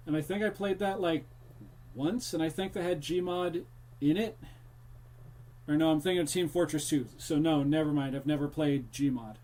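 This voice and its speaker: Young guy live streaming a game, bit high voice, keeps chatting with viewers, slips into a goofy pirate-ish accent. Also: warm tone. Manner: chatty, talks to the viewers while playing, drifts into a jokey pirate-ish accent. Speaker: streamer playing a horror game. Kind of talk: casual live-stream commentary.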